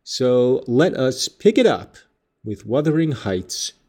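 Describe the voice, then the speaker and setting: At home in Savannah, a man hosts a podcast with a dry, self-mocking, digressive monologue that rambles casually. His mid-range voice is mellow and very animated, though his pace is slow.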